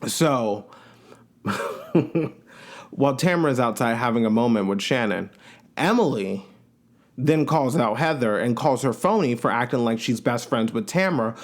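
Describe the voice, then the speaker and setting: A man's voice: mid-range voice, lively intonation, a little slow, long pauses. A man hosting a podcast, giving a casual, opinionated recap of a reality show and acting out quotes in changing voices.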